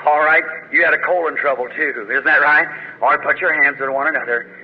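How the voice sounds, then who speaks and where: Brisk and husky, with a voice on the high side, this preacher prays fervently during a faith healing service and issues forceful commands when he rebukes. The old recording is muffled and was made in a reverberant hall.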